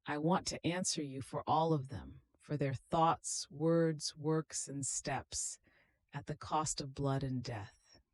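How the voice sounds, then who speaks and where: Lady reading as a suffering jesus, gentle and solemn, low voice. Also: takes it slowly, no echo. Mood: prayerful. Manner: solemn, prayerful.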